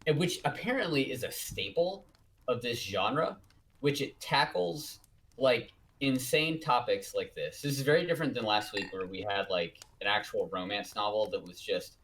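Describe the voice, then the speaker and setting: A young man of middle pitch co-hosts a loose book review chat in a laid-back, sardonic way. His pitch moves a lot as he jokes, and he swears casually. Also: expressive, moderate pace, a bit bright, slight background noise. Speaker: podcast co-host.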